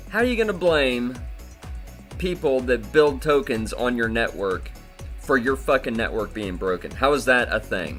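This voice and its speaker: A man's voice: medium pitch, big pitch swings, measured pace, fairly bright tone. A man hosting a crypto news video, ranting angrily and swearing a lot, with faint music behind him. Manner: profane, heated ranting. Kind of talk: angry crypto news commentary.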